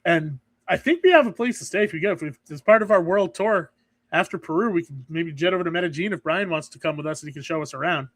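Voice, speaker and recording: A man's voice: a little high, quick pace, fairly bright tone, dry recording. A man co-hosting a podcast in casual chat, rambling and restarting his sentences often. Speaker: podcast co-host.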